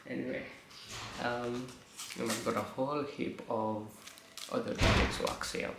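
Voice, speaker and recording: Slow, gravelly man with a braces lisp. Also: mid-range voice, fairly even intonation, very noisy. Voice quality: slight lisp from new braces. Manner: chatty, rambling, swears casually. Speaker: vlogger. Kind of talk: casual storytelling vlog. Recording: echoey room.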